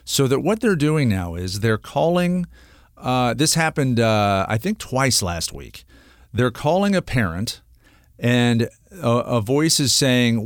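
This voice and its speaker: A middle-aged man hosting a talk radio show, speaking at a plain mid pitch. He talks earnestly and rambles, stopping and restarting often. His voice is close and dry in a studio. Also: big pitch swings, slow pace, dry recording. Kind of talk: casual radio talk segment.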